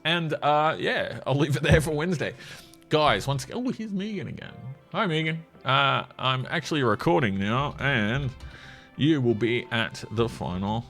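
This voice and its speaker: A man's voice: mid-range voice, lively intonation, normal speed, fairly bright tone, faint music behind. A man giving sarcastic, mocking commentary while scrolling through a social media feed. He laughs often.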